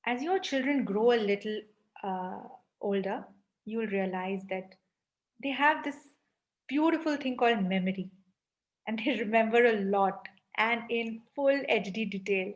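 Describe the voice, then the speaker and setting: Woman coach, workshop leader; emphatic, rhetorical checks with the audience, slightly higher voice. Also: measured pace. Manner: emphatic, frequent rhetorical "right?". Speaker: parenting coach. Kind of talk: live online parenting workshop.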